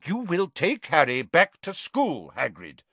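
A man's voice: mid-range voice, sing-song, a little slow, fairly bright tone, no echo, voice pushed up. A man reading aloud and voicing an elderly headmaster wizard who speaks firmly and sternly. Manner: firm and stern. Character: old male headmaster wizard, calm but commanding.

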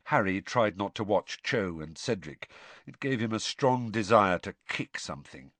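Man narrating a story with lively pitch. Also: no echo. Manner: measured storytelling. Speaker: audiobook narrator. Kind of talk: scripted narration.

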